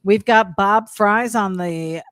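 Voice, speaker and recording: A woman with a New Jersey accent co-hosting a live stream in casual chat, chatty and quick to laugh. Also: medium pitch, fairly bright tone. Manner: chatty, laughs often, reads viewer comments aloud. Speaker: co-host of a live sketching stream.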